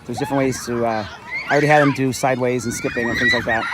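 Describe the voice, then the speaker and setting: A man's voice: medium pitch, fairly even intonation, racing. A male PE teacher talking casually for a vlog outdoors, explaining a class game in a loose, chatty way with fillers, raising his voice over the children. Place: outdoor schoolyard. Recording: loud crowd and noise outdoors. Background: loud shouting children and outdoor noise.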